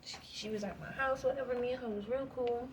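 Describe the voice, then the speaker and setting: Animated slangy woman telling a story. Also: fairly high pitch, quick pace, background noise. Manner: animated, slangy, swears, laughs a lot. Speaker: vlogger. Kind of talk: casual storytelling to camera.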